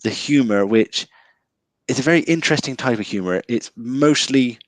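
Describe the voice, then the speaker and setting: A man's voice: medium pitch, moderate pace, dry recording. A man talking about a film as a guest in a casual chat, hesitant and full of restarts. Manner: hesitant, restarts with many ums.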